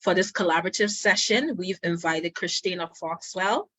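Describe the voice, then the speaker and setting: A woman hosting a chat over a video call, bubbly and quick to laugh. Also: fairly low pitch, a bit bright. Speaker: host.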